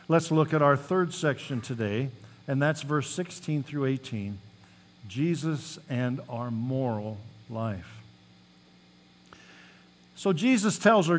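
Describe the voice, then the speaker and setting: A man's voice: medium pitch, a little hiss or hum. A male pastor giving a sermon, reading scripture aloud with rising emphasis and telling folksy stories between the passages. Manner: reads scripture with rising emphasis, then talks plainly; folksy storytelling asides.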